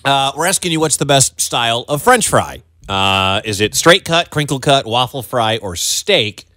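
A man's voice: mid-range voice, lively intonation, moderate pace, sharp tone, no echo, studio quality. A man co-hosting a radio show, bantering in a joking, incredulous way. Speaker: radio co-host. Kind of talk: casual radio chat.

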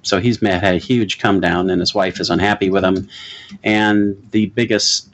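A man's voice: sits low, fairly even intonation, moderate pace, a bit bright. A middle-aged man co-hosting a podcast, chatting casually and earnestly about old films and laughing easily. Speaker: podcast co-host. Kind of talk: casual chat about movies.

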